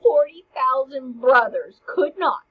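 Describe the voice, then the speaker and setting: A woman voicing a grieving, boastful young prince in a husky voice, mixing old verse with slangy paraphrase, on a dull lo-fi recording. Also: a little high, expressive, normal speed. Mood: ranting.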